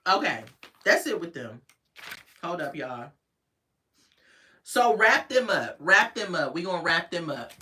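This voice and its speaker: A woman's voice: on the low side, big pitch swings, measured pace, long pauses, pushed and bright, distant mic. A woman giving a chatty, gossipy recap of a reality TV episode and talking straight to her viewers. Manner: chatty, addresses viewers directly. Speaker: reality TV reviewer.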